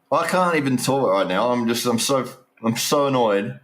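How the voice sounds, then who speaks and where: A man's voice: medium pitch, lively intonation, unhurried, a bit bright. A man giving casual, rambling live stream commentary, restarting sentences and talking straight to his viewers.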